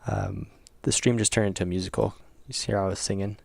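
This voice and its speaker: A man streaming his indie game work, chatting casually and thinking aloud, with jokes and quick self-corrections. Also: sits low, wildly swooping pitch, creaky, darkish tone, no echo. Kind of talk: casual livestream chat while working.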